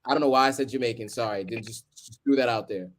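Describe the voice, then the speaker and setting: A man's voice: mid-range voice, fast. A man in his thirties hosting a live stream, chatting casually with lots of ums and easy laughter. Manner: laid-back, chuckling, many ums.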